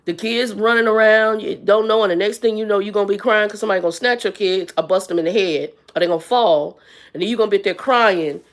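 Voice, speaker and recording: A woman's voice: medium pitch, fast. A blunt, exasperated woman in her fifties, ranting on a live stream as the channel's host. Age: 50s. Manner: blunt, exasperated, talks straight to viewers. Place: Arizona.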